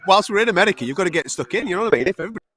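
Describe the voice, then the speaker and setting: Fast northern english guy, slightly high pitch, cheeky banter on a video call. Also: expressive, pushed and bright. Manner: cheeky, chatty, quick laughs. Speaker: co-host. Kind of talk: casual sports show banter. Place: fight venue backstage.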